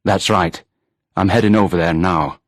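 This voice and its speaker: A man's voice: deep voice, fairly even intonation, normal speed, no echo, close to an everyday voice. A man reading a storybook and voicing a cheerful, teasing male police officer on the phone. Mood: brisk. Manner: teasing, dryly amused.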